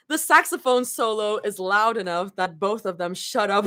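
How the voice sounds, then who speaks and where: A woman's voice: mid-range voice, expressive, moderate pace, hardly any pauses, fairly bright tone. A woman reading fan fiction aloud live, breaking off to laugh and react.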